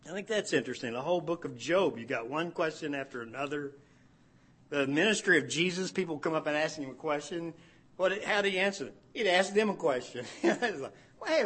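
A man's voice: a little high, fairly bright tone. A man preaching a conversational sermon on a Bible passage. He asks rhetorical questions and laughs now and then. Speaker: pastor.

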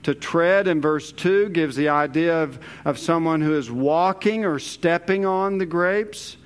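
A man works through scripture in a measured, unhurried teaching voice. His tone sits slightly high and comes out clean and smooth. He drops his voice to stress the weighty words. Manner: slow, deliberate, leans hard on key words. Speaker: Bible teacher. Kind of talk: verse-by-verse Bible teaching.

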